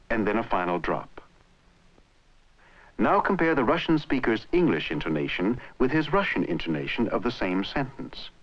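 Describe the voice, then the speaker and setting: A man giving measured, scripted narration for an old educational film on language. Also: medium pitch. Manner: measured, explanatory. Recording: dull lo-fi old film soundtrack.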